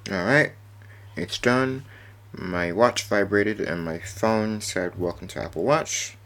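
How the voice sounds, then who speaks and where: A man's voice: lowish voice, slow, fairly bright tone, soft background music. A man talking casually as a vlogger while setting up a device, mumbling and hesitant, with mild swearing. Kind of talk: casual off-the-cuff commentary.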